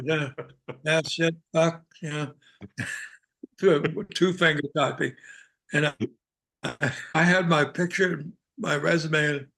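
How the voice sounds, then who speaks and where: An older man from Arkansas, an actor guest telling anecdotes in a meandering, halting way and chuckling often. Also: fairly high pitch, a bit bright. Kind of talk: casual anecdotal storytelling.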